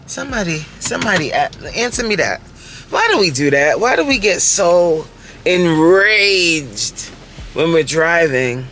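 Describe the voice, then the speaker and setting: A woman in her forties, a fitness coach vlogging casually from her car, talking straight to viewers with lively rhetorical questions. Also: lowish voice, measured pace. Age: 40s. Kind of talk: casual chatty vlog while driving. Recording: faint car noise in background. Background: faint road and vehicle noise.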